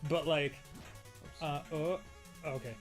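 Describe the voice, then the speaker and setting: A man co-hosting a casual comedy show, telling family stories in an animated way and often laughing. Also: on the high side, takes it slowly, soft background music. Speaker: co-host.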